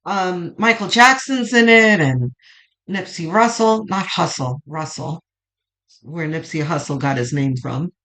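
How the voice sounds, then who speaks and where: A woman's voice: sits low, animated, measured pace, hardly any pauses, fairly bright tone, low-quality recording. Woman, tarot reading vlog, informal and chatty, emphatic, cheers viewers on. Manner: emphatic, fired-up encouragement. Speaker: tarot reader.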